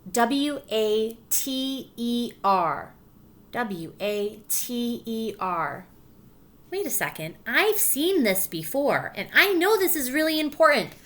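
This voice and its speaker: A woman teacher reading a picture book aloud to children, gently pausing to ask questions and spelling letters out slowly. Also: fairly high pitch.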